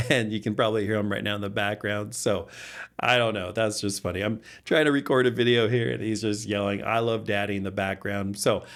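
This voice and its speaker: A man in his thirties, a father hosting a gaming channel, talking casually through game news with easy laughs and relaxed asides. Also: lowish voice, a little fast. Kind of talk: casual commentary vlog.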